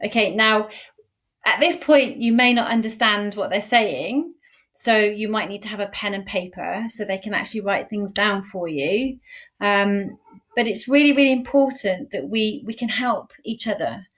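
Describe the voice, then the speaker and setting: A woman teaching a beginner sign language lesson in a live stream, encouraging and repeating key phrases slowly and firmly. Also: mid-range voice, a bit bright.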